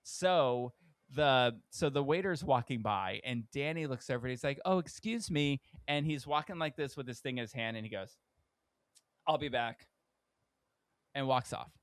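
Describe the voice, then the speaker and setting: A podcast co-host tells a story in casual chat, animatedly acting out the people he quotes with big, sudden pitch jumps. His voice is smooth and moves at normal speed, and the recording is dry.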